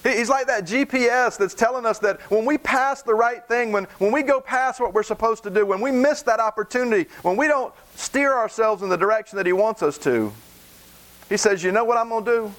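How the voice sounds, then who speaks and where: A man's voice: high-pitched, fairly quick, fairly bright tone. A middle-aged man preaching a sermon in an earnest way, often repeating words as he starts a phrase.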